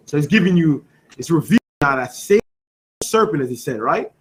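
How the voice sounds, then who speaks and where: Guy leading a bible class, kinda high voice, keeps asking the room "what?" and pushing them to answer. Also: lively intonation, brisk, low-quality recording. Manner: quizzing students with repeated questions, emphatic; peppers talk with "you know what I'm saying". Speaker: scripture class teacher. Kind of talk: call-and-response Bible class.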